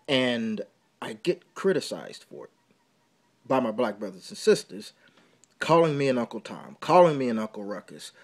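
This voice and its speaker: A man's voice: medium pitch, very animated, normal speed. A man hosting a talk radio show, delivering an impassioned, preachy monologue from a small indoor room. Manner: impassioned and preachy, building to loud emphatic outbursts.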